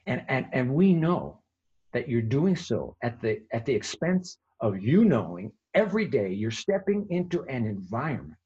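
A male pastor giving a conversational sermon, swinging between emphatic and hushed delivery. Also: on the low side, husky, lo-fi sound.

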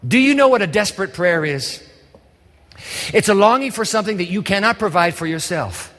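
A man preaches a sermon as a pastor, pleading with his listeners and firing rhetorical questions at them. His voice is high-pitched, fairly bright and very animated, and he speaks a little fast. The long reverb of a large hall surrounds the recording.

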